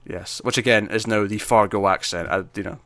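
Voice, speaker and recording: Casually discussing a film list, this male podcast co-host rambles with plenty of fillers and restarts and acts out quotes. His voice is fairly low, steady and fairly bright, at a fairly quick pace, with no echo.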